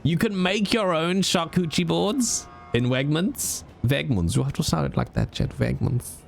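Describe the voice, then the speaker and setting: Lively-voiced British man chatting with viewers. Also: on the high side, normal speed, gravelly, faint music behind. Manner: chatty, joking. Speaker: streamer. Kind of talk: casual chat with viewers.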